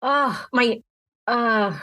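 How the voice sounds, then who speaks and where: A woman's voice: on the high side, very slow, bright, forceful tone, no echo. A woman co-hosting a podcast as a mental health clinician, talking through experiences reflectively with many restarts. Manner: reflective, with frequent restarts and fillers. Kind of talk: casual podcast chat.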